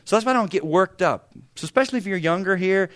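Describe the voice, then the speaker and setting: A man's voice: high-pitched, lively intonation, fast talker, a bit bright. A man in his fifties preaching a sermon as pastor, talking in a conversational, humorous way with sudden bursts of emphasis. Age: 50s.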